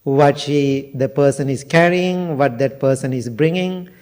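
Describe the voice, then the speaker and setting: An older man, a Buddhist monk, giving a dharma talk to a temple audience, speaking slowly and plainly with simple broken grammar and questions to the listeners. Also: mid-range voice, a little mellow.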